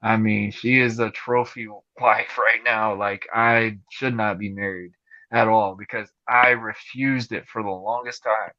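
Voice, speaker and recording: Bright-voiced man, casual podcast chat. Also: lowish voice, fairly even intonation, unhurried, no room sound. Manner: candid, talks in loose run-on sentences. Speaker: podcast host. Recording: dull lo-fi recording.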